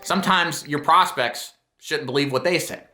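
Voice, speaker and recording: A middle-aged man coaching new sales agents, his voice bright and forward. He lays out points earnestly and with emphasis, checking in with listeners as he goes, in a roomy space with noticeable echo. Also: fairly high pitch, normal speed, faint music behind. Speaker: insurance sales trainer. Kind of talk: instructional talk to camera.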